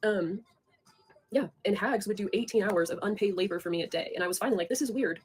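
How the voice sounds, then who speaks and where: A woman's voice: medium pitch, fast talker, a little mellow. A young woman in a heated, profane, rambling rant, addressing her viewers directly and confronting people. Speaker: online creator talking to viewers.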